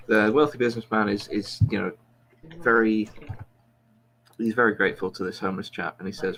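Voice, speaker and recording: This man, a podcast host, has a lowish, fairly even voice that runs fairly quick and a bit bright on a rough recording. Among friends, he tells a long, meandering joke full of restarts and self-mockery.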